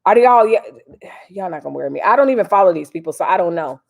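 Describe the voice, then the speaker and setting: Chatty low-voiced woman live-streaming. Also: lively intonation, fast talker, creaky, darkish tone. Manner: chatty and slangy, talking straight to viewers. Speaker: livestream host. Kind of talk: casual live-stream commentary.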